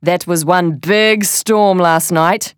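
Chatty radio announcer, read by a woman, slow, lowish. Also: clear, resonant tone, no room sound, studio quality. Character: chatty male radio host.

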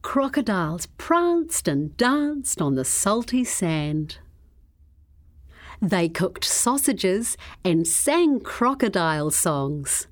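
Brief: New woman reading a children's picture book, unhurried, very lively intonation. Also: mid-range voice. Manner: slow, expressive and measured. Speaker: storyteller. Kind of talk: children's story read-aloud.

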